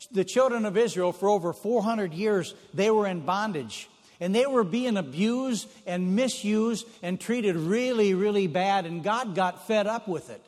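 Male preacher, high-pitched, homey storyteller who circles back on phrases; long hall reverb. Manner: folksy storytelling, repeats phrases for emphasis. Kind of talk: sermon.

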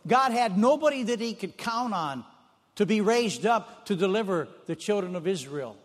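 Male preacher, high-pitched, homey storyteller who circles back on phrases; long hall reverb. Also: lively intonation, normal speed. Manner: folksy storytelling, repeats phrases for emphasis. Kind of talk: sermon.

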